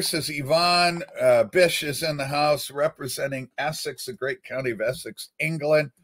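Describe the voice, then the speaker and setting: A man's voice: on the high side, fairly even intonation, measured pace, few pauses, a bit bright. A man hosting a casual livestream, rambling and reading viewer comments aloud with playful, theatrical outbursts. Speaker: livestream host.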